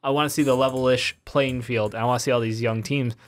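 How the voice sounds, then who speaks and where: A man's voice: mid-range voice, fairly even intonation, fast. Young man making bold sports predictions. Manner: confident, bold predictions, joking. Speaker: podcast co-host. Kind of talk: casual sports chat.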